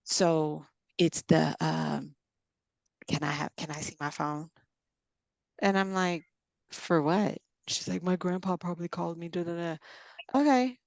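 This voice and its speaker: A woman with a notably low, deep voice talks in a relaxed chat, recounting what was said by acting out each line of dialogue. She sounds middle-aged, and her voice is dry and close to the mic. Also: unhurried, gravelly, pauses often, no room sound. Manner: storytelling, quoting others in dialogue. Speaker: podcast co-host. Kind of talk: casual chat.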